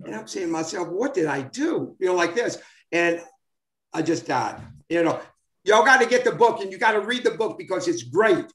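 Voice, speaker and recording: A man's voice: sits high, lively intonation, fairly quick, a bit bright. A man in his seventies telling old sports stories casually, rambling with many fillers and restarts. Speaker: former baseball player, guest. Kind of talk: casual storytelling. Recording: roomy echo.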